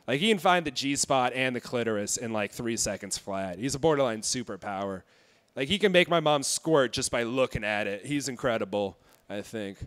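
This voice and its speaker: Smooth-voiced young man doing dark stand-up. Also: mid-range voice. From Indiana. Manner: deadpan dark jokes, halting with fillers. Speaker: stand-up comedian. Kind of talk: stand-up set. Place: comedy club stage.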